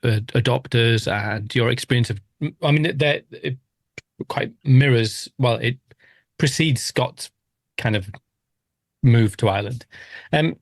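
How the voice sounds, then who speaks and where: A man's voice: mid-range voice, a little slow, pauses often, no room sound. Northern english guy hosting a podcast, teasing, dry close mic. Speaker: podcast host. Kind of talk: casual podcast chat.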